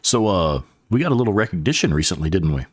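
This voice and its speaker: Husky low-voiced male stream host. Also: very animated, fast talker, dry recording, studio quality. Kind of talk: casual gaming stream chat.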